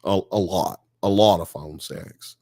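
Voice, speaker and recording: A police officer calmly lays out findings in a slow, measured, matter-of-fact tone, as a man puts him on. The voice sits a little lower than an everyday speaking voice. It is recorded dry and close. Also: no room sound. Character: flat-toned male police officer giving testimony.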